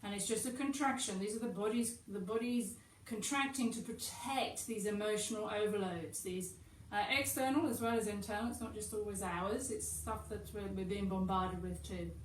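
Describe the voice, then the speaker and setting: A woman guides a yoga class in a calm, chatty, encouraging way, with soft little asides. She sounds a step back from the mic in a room full of echo. A faint hiss sits underneath. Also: medium pitch, moderate pace, few pauses, far from the mic. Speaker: yoga teacher.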